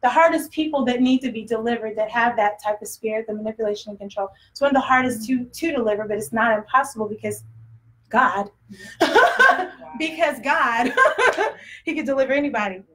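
A woman's voice: a little high, fairly quick, fairly bright tone, a little hiss or hum, poor audio. A woman preaching a sermon in a conversational way, often acting out voices and laughing.

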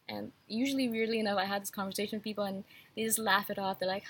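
A woman's voice: medium pitch, very fast, husky. A woman vlogger talking straight to her viewers in a frank, rambling, emphatic rant, a little feverish. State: slightly feverish. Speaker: YouTube host. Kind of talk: casual rant to camera.

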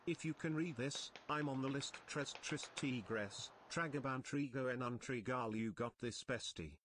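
A male text-to-speech voice reading out viewer messages flatly, emoji names included. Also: mid-range voice, normal speed, noisy background. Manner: flat, reads emoji names aloud. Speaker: text-to-speech donation reader.

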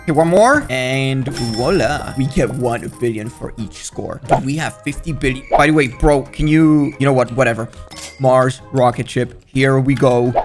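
A young man giving excited running commentary while he plays a video game, cheering and groaning at each kick and talking to his in-game pets. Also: mid-range voice, normal speed. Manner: hyped, jumpy, talks to the game and its pets. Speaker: gaming video creator. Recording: faint background music.

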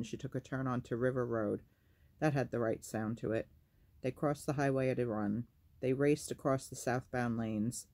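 Reading a novel aloud in a storyteller's manner, this man keeps his delivery steady and unhurried. The tone is deep, mellow and dark, carrying a rough, gravelly texture.

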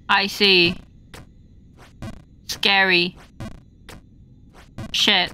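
A woman's voice: mid-range voice, slow pace, pauses often, sharp tone, smooth. A young woman streaming a game live, swearing and yelping in frustration as she plays. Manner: swearing, frustrated outbursts and playful yelps. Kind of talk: live gameplay stream chatter.

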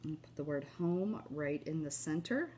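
A warm, deep, lively voice, slightly fast, comes from a woman hosting a casual craft tutorial with slight noise in the background. Upbeat and gushing, she keeps saying "you guys" and "oh my gosh" to her viewers while working, though a cough catches her occasionally.

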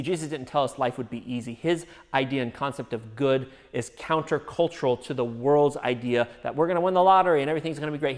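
A man preaching a sermon as a pastor, earnest, often dropping to a soft hush. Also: fairly high pitch, long reverb tail. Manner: earnest, drops to a soft hush on reassuring phrases.

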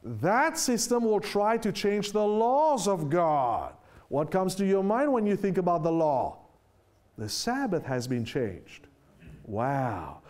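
A man preaching with a high voice that swings widely in pitch. He drives each point home, keeps asking his listeners questions, and slows right down to read scripture aloud. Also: a little mellow. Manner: emphatic, asks the listeners rhetorical questions; reads scripture aloud slowly with heavy stress. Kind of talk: sermon.

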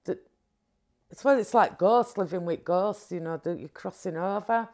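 A woman, recounting a personal experience in an interview in a rambling, animated way with frequent restarts. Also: lowish voice, moderate pace. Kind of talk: candid personal storytelling.

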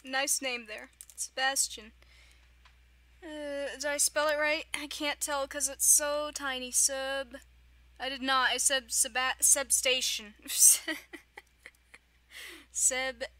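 A woman's voice: sits high, steady tone, takes it slowly, pushed and bright, no room sound. A young woman giving casual, giggly commentary on her own video game playthrough, often chanting silly catchphrases. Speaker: gaming YouTuber. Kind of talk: casual let's-play commentary.

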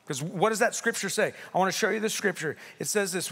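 A middle-aged male pastor delivers a sermon in a church sanctuary, his voice sitting a little high for a man. He preaches conversationally, animated and playful, and his words ring out with a long church reverb. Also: quick pace, hardly any pauses. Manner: conversational and animated, with playful asides and acted-out quotes. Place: church sanctuary at a candlelight service.

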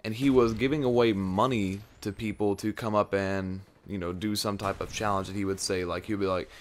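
A low-pitched young man rambles into a microphone held close to his face. His talk is loose and casual, wandering off topic and full of fillers, with a faint hiss of noise underneath. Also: fairly even intonation, brisk. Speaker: gaming video creator. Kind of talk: casual chat over gameplay footage. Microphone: close mic right at his face.

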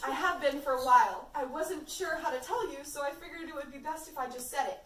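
A woman's voice: high voice, brisk, a bit bright, slight background noise. Woman reading as a flustered young man. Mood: confessing. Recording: echoey room, mic far off.

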